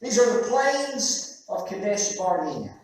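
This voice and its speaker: A man delivers a sermon in a relaxed storytelling way, often restarting his sentences. His voice is high, and it comes from well back from the mic in a strongly reverberant church room. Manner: storytelling, conversational with halting restarts. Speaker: preacher. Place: church sanctuary. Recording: very echoey room, heard from a distance.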